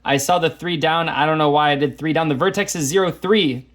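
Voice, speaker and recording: Chatty male math teacher, fairly high voice. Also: brisk, a bit bright. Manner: chatty, self-deprecating, talks while drawing graphs. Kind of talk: casual lesson walkthrough.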